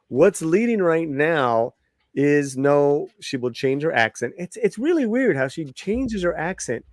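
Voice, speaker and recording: A man's voice: fairly high pitch, darkish tone, dry recording, studio quality. A man hosting a live-streamed talk show, chatty, laughing easily and repeating his phrases. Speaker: host.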